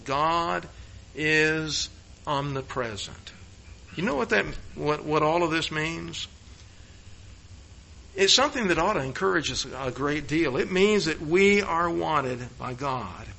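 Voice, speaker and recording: A high, bright-toned man preaching a sermon. He stumbles and restarts words often and swings between ringing emphatic lines and low, quiet ones. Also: low-quality recording. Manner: stammering restarts, emphatic rises and hushed drops. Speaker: pastor.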